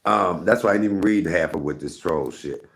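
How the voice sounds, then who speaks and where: Deep gravelly man rambling to his viewers. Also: a little fast. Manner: rambling, candid, talks to chat. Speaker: live stream host. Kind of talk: casual storytelling to viewers.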